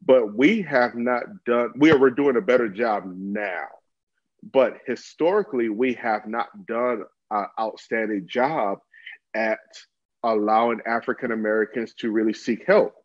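A man's voice: mid-range voice, a little slow, dry recording. A man co-hosting a casual talk show, speaking earnestly and with emphasis. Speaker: co-host. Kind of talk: casual chat. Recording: dull lo-fi sound.

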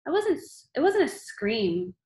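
A woman's voice: fairly high pitch, lively intonation, brisk, fairly bright tone. A woman reading aloud and voicing a whining little boy in second grade, in a roomy recording. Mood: whiny. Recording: roomy echo.

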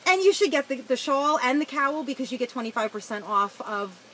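A woman's voice: sits high, expressive, brisk, fairly bright tone, slight background noise, low-quality recording. Chatty Long Island woman. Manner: chatty, giggly, self-mocking. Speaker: podcast co-host. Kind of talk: casual chat.

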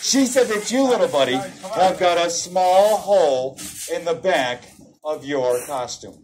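Woman party clown, teasing and giggly, voice swooping up and down, loud kids' crowd all around. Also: on the low side, lively intonation, a little slow. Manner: playful, teasing, laughing often. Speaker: party clown entertaining children. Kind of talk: comic children's party act. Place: children's birthday party. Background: shouting children.

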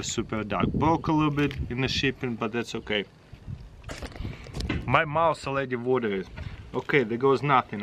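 Middle-aged Russian-accented vlog host, mid-range voice, talks in quick exclamations over a faint hum. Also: male voice, mid-range voice. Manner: chatty, exclaiming, short broken phrases. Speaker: channel host. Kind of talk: casual taste-test vlog.

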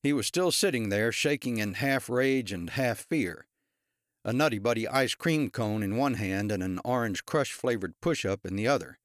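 Steady male audiobook narrator. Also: fairly low pitch, no echo, studio quality. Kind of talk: scripted narration.

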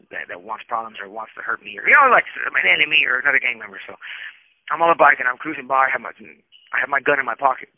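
Fast-talking man on a tinny phone line. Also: mid-range voice, no room sound. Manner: rambling, restarts often, acts out quoted lines. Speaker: incarcerated man telling his story. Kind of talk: candid first-person storytelling over the phone. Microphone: telephone.

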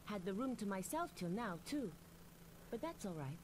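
A woman's voice: medium pitch, big pitch swings, normal speed, background noise, close to an everyday voice. An actress playing a cocky young female trainee who teases her new roommate in a video game. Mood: teasing. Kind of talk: video game cutscene dialogue.

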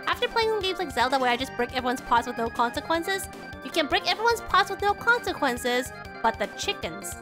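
Excitable woman game streamer, very high, lively delivery. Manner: chatty, rambling, excitable. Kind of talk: casual game commentary.

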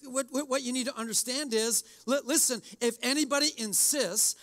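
A man's voice: extremely high pitch, normal speed, a bit bright. A man preaching a sermon as pastor in a church service, exhorting in a conversational way and addressing the congregation directly.

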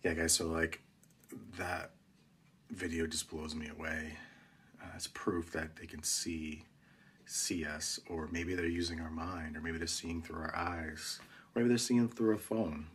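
A man who builds and sells spirit boxes. He talks in a casual, rambling way, with many restarts and excited laughs. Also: very deep voice, unhurried, slight background noise. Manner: casual and rambling, often hesitant. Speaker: paranormal investigator and spirit box maker. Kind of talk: casual vlog with a spirit box session. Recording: music playing loud in the background.

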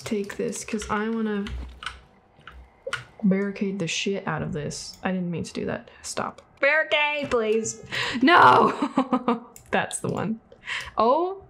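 A woman giving let's play commentary on a game, reacting out loud, swearing and laughing often, and yelping when startled. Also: mid-range voice, a little hiss or hum. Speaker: gaming video creator.

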